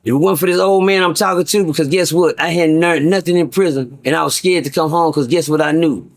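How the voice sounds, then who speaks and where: Middle-aged man, higher pitch, casual storyteller, profane, stammering repeats. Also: fairly quick. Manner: profane, repetitive, stammering restarts. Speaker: guest storyteller.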